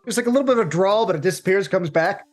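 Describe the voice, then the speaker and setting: A man's voice: high voice, rapid-fire, soft background music. A man co-hosting a show, complaining animatedly in casual debate and breaking into put-on voices. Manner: animated, complaining, acts out voices mid-sentence. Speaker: co-host debating a film.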